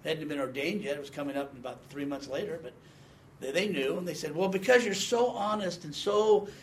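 This man in his sixties gives a conversational Bible teaching, quizzing listeners and emphasizing scripture as he reads. His voice is a little high, and he talks fairly quickly.

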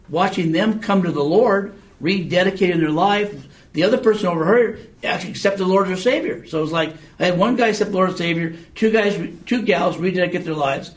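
A man teaching a Bible class in a casual, conversational way, often checking in with his students through questions. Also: high-pitched. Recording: echoey room, mic far off.

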